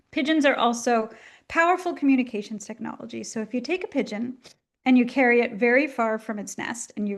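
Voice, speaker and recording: A woman giving a chatty, enthusiastic talk with many ums and asides, coughing now and then as she gets over a flu. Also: on the high side. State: coughing, at the tail end of a flu. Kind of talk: casual illustrated lecture.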